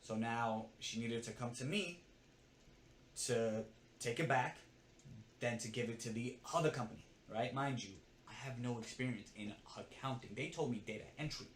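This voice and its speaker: A man's voice: mid-range voice, normal speed, a little hiss or hum. A young man vlogging, casually and animatedly telling a story about a bad job, swearing and often checking in with "right?". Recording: roomy with faint ambience.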